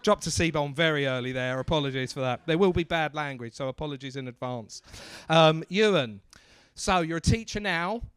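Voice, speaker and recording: A man's voice: a little high, normal speed, few pauses, a bit bright, clean tone, no echo. A man working as a comedy club MC, doing brash, teasing crowd work on stage and swearing freely into a handheld mic.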